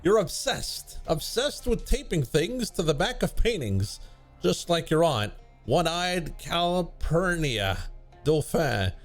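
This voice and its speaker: A man doing a middle-aged father scolding his family in a shrill, strained voice. The pitch leaps up and down, and a faint music bed plays underneath. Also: big pitch swings, a little slow, a little mellow. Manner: exasperated, high-pitched scolding.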